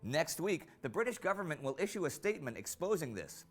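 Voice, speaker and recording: A man narrating a history documentary in a scripted, storytelling way. His voice sits fairly high and moves with a lively, expressive melody. He lifts his tone when voicing quoted lines. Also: faint music behind. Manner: measured storytelling delivery, rises for quoted speech.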